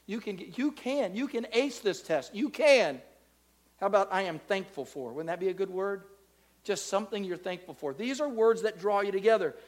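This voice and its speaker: A man preaching a sermon to a live congregation, swinging between loud, drawn-out preaching and soft, close talk, and leading the room in call-and-response. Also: high voice, lively intonation. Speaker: pastor. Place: church in front of a live congregation.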